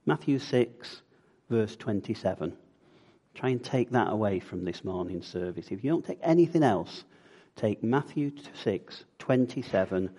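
A man's voice: lowish voice, lively intonation, a little slow, dark tone, slightly rough. A man preaching a sermon in a conversational way, often putting questions to the congregation.

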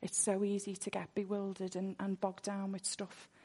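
A woman's voice: mid-range voice, monotone, normal speed, dark tone. Earnest woman preaching. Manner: earnest, repeats words when worked up. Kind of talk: sermon with personal testimony.

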